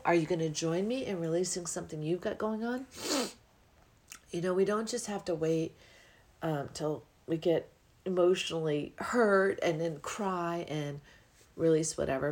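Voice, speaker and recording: Soft-spoken, rambling woman podcaster. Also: on the low side. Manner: rambling, reflective, with sighs and yawns. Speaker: podcast host. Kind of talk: casual spiritual podcast monologue.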